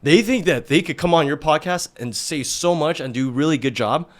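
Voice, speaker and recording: A man hosting a podcast in casual chat, venting with lots of swearing and animated asides. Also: fairly high pitch, normal speed. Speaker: podcast host.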